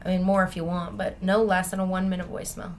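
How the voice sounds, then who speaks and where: A woman guest on a podcast, telling a personal story in an animated way and acting out the people in it. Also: on the low side, quick pace, a little hiss or hum. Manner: animated, breaks into laughter, acts out the people in her story.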